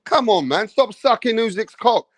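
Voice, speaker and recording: An English man rants about boxing in an animated, profane, comedic way, swearing constantly and dropping into mocking impressions. His voice sits fairly high for a man, and the recording is dry and close. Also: normal speed, dry recording. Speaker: boxing commentator.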